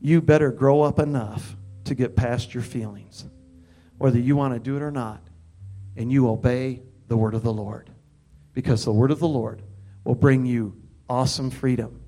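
An older man preaching, telling a story in an animated way and breaking into loud laughs and high exclamations. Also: normal speed. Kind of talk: sermon testimony.

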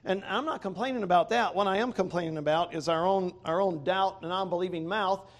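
A man preaching a sermon, a former pastor, who swings from loud to quiet and laughs between points. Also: sits high, fairly quick.

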